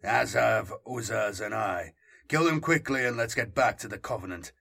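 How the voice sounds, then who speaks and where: A man's voice: lowish voice, normal speed, creaky, husky, full character voice. A man voicing a haunted, visionary warrior. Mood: calm. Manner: calm, then faltering.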